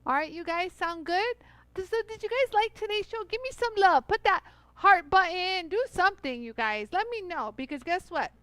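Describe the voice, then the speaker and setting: Middle-aged woman, high voice, effusive live-stream host who chats nonstop with viewers. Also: lively intonation, moderate pace, bright, forceful tone, no echo, rough recording. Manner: bubbly, chatty, many fillers, addresses viewers as "you guys". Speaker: host of a live jewelry tool demo. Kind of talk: live-stream product demo.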